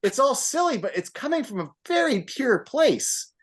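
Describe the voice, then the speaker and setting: A man on a casual podcast, talking about a movie with animated energy and frequent swearing. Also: very high-pitched, normal speed. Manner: animated, acts out scenes with put-on voices and laughter; swears freely. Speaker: podcast co-host.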